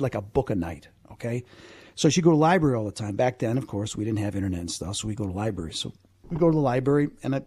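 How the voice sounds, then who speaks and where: A man talks through an anecdote in an animated way, full of asides. His voice is mellow and a little husky. The recording is dry and close. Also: medium pitch, no room sound. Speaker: guest. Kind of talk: storytelling in a conversation.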